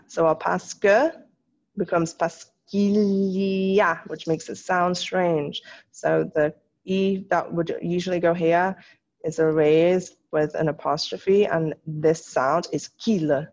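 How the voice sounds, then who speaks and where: Gravelly-voiced woman teaching French. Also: on the low side, steady tone, slow, a little mellow. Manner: mixes English and French, patient and explanatory. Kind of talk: recorded classroom lesson. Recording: dull lo-fi recording.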